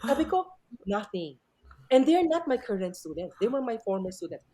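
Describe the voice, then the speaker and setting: A middle-aged Filipino woman tells stories in an interview, mixing English and Tagalog. Her pitch leaps and swoops as she acts out the dialogue. She talks like a professor, strict but expressive. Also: fairly quick. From Philippines. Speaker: math professor and podcast guest. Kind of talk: animated storytelling interview.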